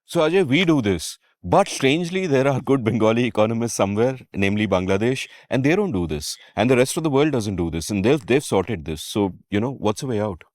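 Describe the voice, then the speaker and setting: A man's voice: medium pitch, expressive, fairly quick, hardly any pauses, a little mellow, no room sound. A man, co-hosting a podcast with wry, dry humor. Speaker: podcast co-host. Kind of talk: conversational podcast talk.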